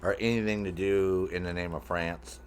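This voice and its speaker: A middle-aged man with a low voice chats loosely while he plays a game on stream. He rambles from topic to topic, swearing freely and joking with his viewers. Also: steady tone, moderate pace, soft background music. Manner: rambling, profane, jokey, talks to chat. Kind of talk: casual gaming stream chat.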